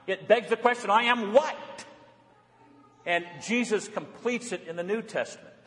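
A man with a high-pitched voice preaches a sermon, asking his listeners questions and then answering them himself. His emphatic delivery rings out in a church with a long, lingering echo. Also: brisk, fairly bright tone. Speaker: pastor.

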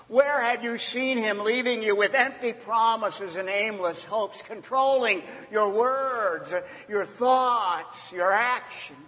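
A man preaching a sermon as a pastor, emphatic, his voice swinging between loud and hushed. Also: high-pitched, takes it slowly, few pauses, long reverb tail.

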